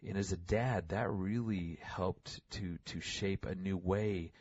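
A middle-aged man talking casually about fatherhood, animated, acting out quoted lines in a raised voice. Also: sits low, takes it slowly, breathy edge, lo-fi sound. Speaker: podcast co-host, father. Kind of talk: casual conversational storytelling.

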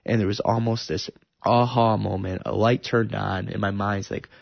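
Gravelly man telling an emotional testimony. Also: on the low side, fairly even intonation, normal speed, no room sound, muffled recording. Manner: emotional, earnest storytelling. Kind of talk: personal testimony.

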